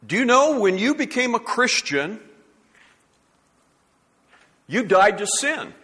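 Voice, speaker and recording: A male pastor preaches slowly and deliberately, with a fairly high voice. He speaks with earnest emphasis and often restarts a phrase while building his point. His voice carries a long reverb, as in a large church hall. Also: sing-song, sharp tone, slightly rough. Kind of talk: sermon.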